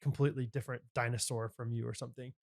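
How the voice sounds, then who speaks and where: A man's voice: mid-range voice, flat delivery, rapid-fire, gravelly. A man co-hosting a podcast in casual chat, rambling with lots of fillers and restarts, joking and laughing easily. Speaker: podcast co-host.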